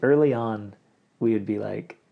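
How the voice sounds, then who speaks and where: A middle-aged man co-hosting a podcast in casual chat, talking in an animated way and acting out the lines he quotes. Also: fairly low pitch, unhurried, vocal fry, narrow, tinny audio. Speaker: podcast co-host.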